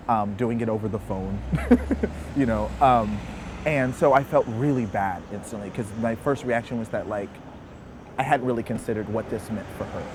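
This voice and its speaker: Young man telling a personal story outdoors. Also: mid-range voice. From Memphis, Tennessee. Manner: animated, laughs often, acts out quotes. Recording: outdoor recording with street noise.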